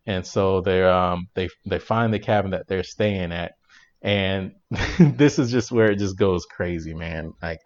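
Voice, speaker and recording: Man, lowish voice, chatty movie-review co-host, laughs a lot, dull lo-fi sound. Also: measured pace. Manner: animated, laughing retelling with restarts. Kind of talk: casual movie review chat.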